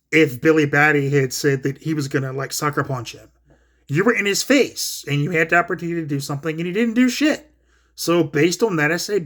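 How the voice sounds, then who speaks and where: A man with a fairly high, slightly bright voice hosts his own commentary video solo. He retells an online argument in a blunt, profane, casual rant packed with quoted back-and-forth.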